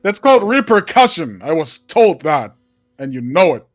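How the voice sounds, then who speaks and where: A man in a tabletop game, speaking in character with hesitant, halting phrasing. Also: a little high, big pitch swings. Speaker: player.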